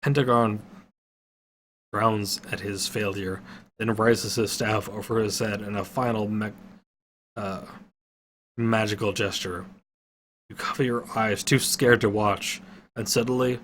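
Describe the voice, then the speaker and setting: A man reading an adventure story aloud, steady with occasional slips and self-corrections. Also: lowish voice, a little slow, pauses often, a little hiss or hum.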